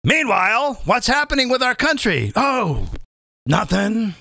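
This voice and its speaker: Male comedian reading tweets live, mocking and loose; high, lively voice. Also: a little slow, gravelly, no room sound, clean studio sound. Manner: mocking, animated, lots of fillers and asides. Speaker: comedian and impressionist host.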